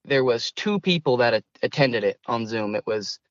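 A man's voice: medium pitch, lively intonation, moderate pace, no room sound, lo-fi sound. A young man, a student guest in an interview, speaking earnestly and somewhat hesitantly. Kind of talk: conversational interview.

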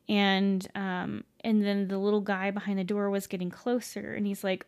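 A woman's voice: medium pitch, level tone, moderate pace, hardly any pauses, a little mellow, clear, resonant tone. A woman casually telling a ghost story at home, rambling with many fillers, self-corrections and casual swearing. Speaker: podcast host.

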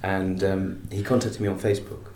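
A man's voice: deep voice, level tone, moderate pace, darkish tone, roomy sound. A man stage actor speaking hesitantly and reflectively in an interview.

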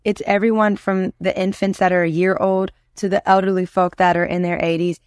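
A woman from Louisiana in her thirties, a musician guest in an interview, telling stories in a lively way and acting out the voices she quotes. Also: mid-range voice, fairly quick, smooth, no echo, clean studio sound. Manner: animated storyteller, acts out quoted voices. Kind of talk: casual interview chat.

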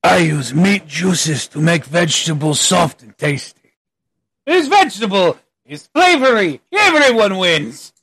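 Boisterous pushy kebab seller, a man voicing him, high lively sales patter, game master putting on a vendor. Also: unhurried, exaggerated voice. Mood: boastful. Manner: boastful, pitched up, sales patter.

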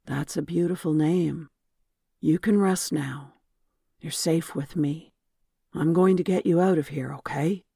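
A narrator voicing a soft-spoken, commanding leader. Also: fairly even intonation, measured pace, creaky, husky, no room sound, clean studio sound. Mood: gentle. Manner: soft-spoken, low and firm. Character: protective commanding young male leader.

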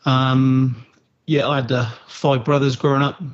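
A man's voice: mid-range voice, flat delivery, unhurried, muffled recording. A man in his forties from Southwest England with a West Country accent tinged by an Australian twang, a retired soldier speaking as a guest in a laid-back, easygoing way. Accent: West Country English with an Australian twang. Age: 40s. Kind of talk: casual interview.

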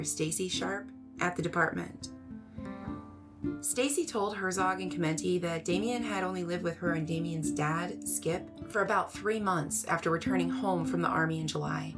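A woman hosting a podcast, giving measured, scripted true-crime narration. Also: fairly low pitch.

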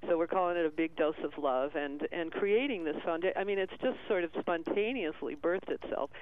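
Tearful man on a tinny phone line. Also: fairly high pitch. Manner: halting, tearful, many restarts. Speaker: caller. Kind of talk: emotional call-in storytelling.

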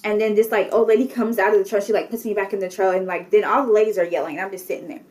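A young woman chatting casually, telling an animated story with lots of filler words. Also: mid-range voice, rapid-fire. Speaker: guest telling a travel story. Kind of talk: casual chat.

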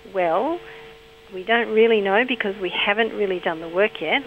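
A woman linguistics researcher explaining her field in a measured, academic manner. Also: mid-range voice. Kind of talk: explanatory interview answers. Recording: dull lo-fi recording with faint hum.

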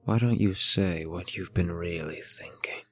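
A man voicing a calm, candid male serial killer on death row, with a gravelly, low, half-whispered voice in a scripted horror story. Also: measured pace, soft background music. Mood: knowing.

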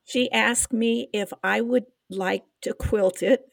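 A woman's voice: a little high, steady tone, takes it slowly, creaky, no room sound. An older woman, a podcast co-host, telling an emotional personal story in casual chat, trying to hold back tears.

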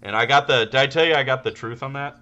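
A man's voice: mid-range voice, fast talker, sharp tone, highs cut off. A man co-hosting a podcast, telling rambling, profane stories in casual chat. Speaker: podcast co-host.

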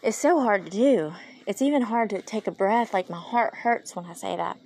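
A tired woman with a medium-pitched, somewhat dark voice rambles emotionally through a podcast monologue at normal speed, her intonation lively and tinged with a Valley Girl-ish lilt. She records it on a handheld phone while pacing a yard at night.

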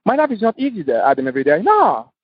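A man's voice: high voice, huge pitch swings, quick pace, breathy edge, no echo, phone-quality sound. A man, a podcast guest, speaking passionately in emphatic, repetitive English. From Tunisia. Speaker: guest entrepreneur. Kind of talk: podcast interview.

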